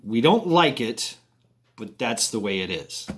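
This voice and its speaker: A man's voice: medium pitch, very animated, unhurried, slight background noise. A man voicing a stern male FBI agent who delivers blunt warnings. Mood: threatening.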